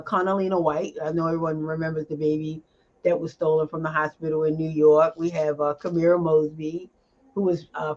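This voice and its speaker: A woman guest in a casual interview, talking about her advocacy work, animated and quick to laugh, with filler-filled pauses. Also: fairly low pitch. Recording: dull lo-fi audio.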